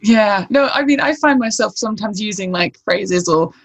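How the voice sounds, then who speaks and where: A woman's voice: medium pitch, animated, moderate pace, muffled recording. A young woman in casual conversation, asking curious questions, laughing easily and using "like" often. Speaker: interviewer.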